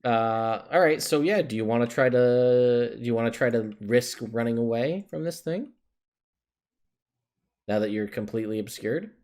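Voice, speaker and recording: A man narrating as game master of a tabletop game, halting and filler-heavy, often amused. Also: medium pitch, a little mellow.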